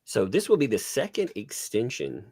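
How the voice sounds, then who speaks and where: A man's voice: lowish voice, huge pitch swings, moderate pace, dark tone, no room sound. A man hosting a live stream, chatting casually, rambling with fillers and laughing often. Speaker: host.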